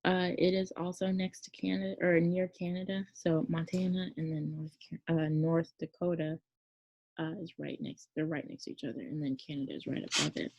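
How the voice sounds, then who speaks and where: A woman's voice: sits low, little pitch movement, moderate pace, creaky, darkish tone. Chatty woman teacher, lo-fi recording. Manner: chatty, rambling with many fillers and self-corrections. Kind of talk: casual classroom lesson. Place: near Memphis, Tennessee. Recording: dull lo-fi sound.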